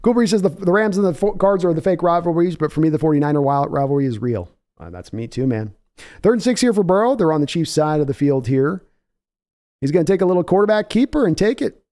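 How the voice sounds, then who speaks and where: A man's voice: a little high, expressive, fast talker, dark tone. A man hosting a live podcast, chatting casually and calling plays, rambling with many fillers. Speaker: podcast host. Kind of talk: casual live chat with play-by-play.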